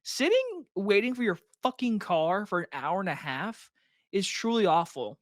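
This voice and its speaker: A young man co-hosting a podcast in casual chat, animated and ranting, swearing freely. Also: high-pitched, moderate pace, no echo, studio quality. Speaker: podcast co-host.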